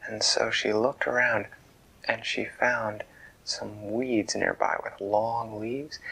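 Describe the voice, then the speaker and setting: A man narrating a children's bedtime story in a soft, conversational, half-whispered way. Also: fairly low pitch, creaky, husky, rough recording.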